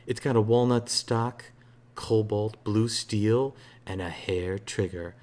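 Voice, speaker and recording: A man reading as a cocky male hero showing off a shotgun, slow, loud and deliberate. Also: lowish voice. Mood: swaggering.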